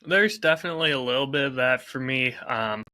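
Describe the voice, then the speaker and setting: Bright, dry-voiced man, hesitant and earnest. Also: mid-range voice, a little fast, no room sound. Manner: hesitant, lots of ums and restarts, earnest. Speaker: podcast co-host. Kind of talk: casual podcast chat.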